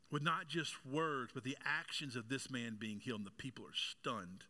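A male pastor delivering a sermon in a bright, forceful voice. He throws questions out to the congregation and slips in jokes as his delivery climbs in energy. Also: mid-range voice, normal speed, hardly any pauses. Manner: preaching with rising intensity, asking the congregation questions; joking aside with congregation members.

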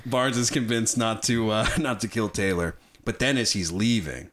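Talking slowly in a fairly low voice, a male podcast host discusses films casually, full of animated enthusiasm and free swearing.

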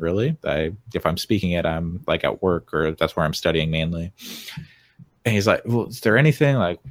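A man's voice: sits low, no echo. A young man co-hosting a gaming podcast, chatting casually and telling a story with frequent laughs. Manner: relaxed storyteller, laughs often. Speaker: podcast co-host. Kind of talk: casual chat.

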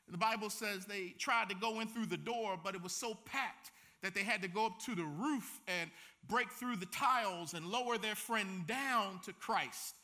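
Bright high-voiced man preaching a sermon. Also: normal speed, hardly any pauses. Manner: dramatic, acts out scenes with slang and shifting loudness.

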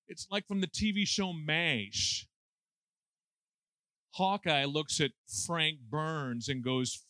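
A man's voice: sits high, big pitch swings, slow, long pauses, fairly bright tone, no echo. A man in his sixties preaching a conversational sermon with folksy, self-deprecating humor and lots of fillers. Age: 60s.

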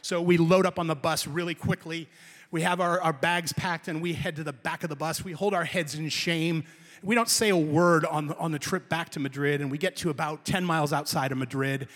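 A man performing a comic personal story live, with lively, emphatic delivery. His voice sits a little high for a man. The sound carries a long hall reverb. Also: a little fast.

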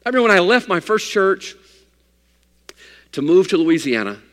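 A man preaches a sermon in a fairly high voice. He rises to loud, emphatic lines and then sinks into hushed, near-whispered passages. His voice carries a long reverb from the church sanctuary. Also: big pitch swings, normal speed. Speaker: pastor.

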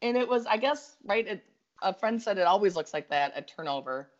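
A Minnesotan woman telling a long story in an easygoing, animated way, laughing as she goes and talking in eager bursts. The audio is a little dull and lo-fi. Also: mid-range voice, brisk. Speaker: guest storyteller. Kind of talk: casual storytelling chat.

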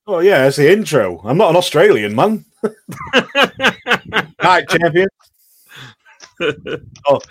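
A man guesting on a fan podcast, easygoing and quick to laugh. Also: fairly high pitch, sing-song. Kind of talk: casual podcast chat.

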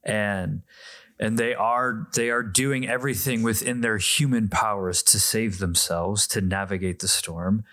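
Man, podcast co-host, lowish voice, dry close sound, measured reflective talk. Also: steady tone, sharp tone, dry recording. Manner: measured, reflective, with frequent restarts. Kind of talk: casual Bible discussion.

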